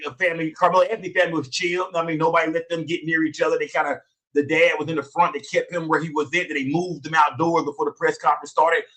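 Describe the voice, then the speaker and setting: A man hosting a livestream, reading chat names rapid-fire in loose, slangy, profane talk. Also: on the high side, pushed and bright, recorded from a distance. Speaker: livestream host. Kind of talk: casual livestream commentary and chat shout-outs.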